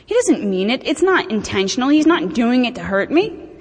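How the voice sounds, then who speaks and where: A woman's voice: a little high, sing-song, moderate pace. A middle-aged woman speaking candidly and animatedly about her own recovery, with self-mocking humor. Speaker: speaker sharing recovery experience. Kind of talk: personal talk at a recovery meeting. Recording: long hall reverb.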